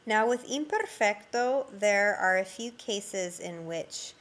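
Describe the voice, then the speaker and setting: A woman's voice: medium pitch, lively intonation, slow, a bit bright. A woman teaching a grammar lesson, patiently explaining with frequent ums, reading example sentences and then translating them. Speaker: Spanish teacher. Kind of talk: slide-based grammar lesson.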